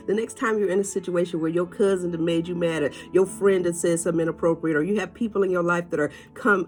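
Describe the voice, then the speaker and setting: Lively woman preaching kindness. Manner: animated, jumps high in pitch when quoting people, laughs often; preachy, repeats phrases, talks to listeners as y'all. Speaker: motivational speaker. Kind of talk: casual inspirational monologue.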